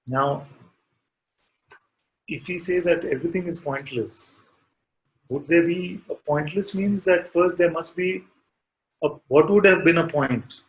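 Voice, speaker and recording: A man as spiritual teacher, speaking calmly in a satsang dialogue and asking probing questions. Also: a little high, low-quality recording. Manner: calm, unhurried, asks probing questions.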